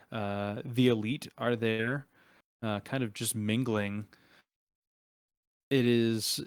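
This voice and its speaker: Smooth-voiced man running a tabletop game. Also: mid-range voice, no room sound. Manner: halting, many fillers and restarts. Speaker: game master.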